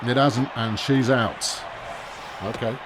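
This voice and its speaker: A man's voice: mid-range voice, fairly even intonation, slow, noisy background. A man giving wry, chatty commentary while he plays a baseball video game, often talking to himself. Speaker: gaming video host. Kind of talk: let's-play commentary.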